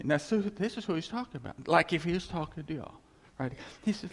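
Guy preaching a sermon, gravelly voice that jumps all over, booming hall echo. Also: brisk. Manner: animated storytelling, acts out quoted voices, chuckles.

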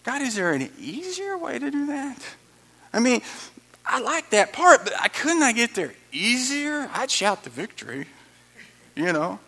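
A man's voice: very high-pitched, big pitch swings, a little slow, sharp tone. A male pastor, preaching a sermon emphatically, repeating lines and adding dramatic asides.

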